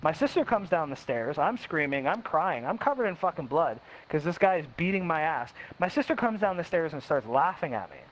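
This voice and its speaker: Swearing heavily, a young man recounts something that happened to him in a blunt, offhand way, performing the quotes as he goes. His voice sits a little high and swings widely in pitch, with rapid quoted voices and frequent restarts. Sound quality is dull lo-fi under a faint hiss.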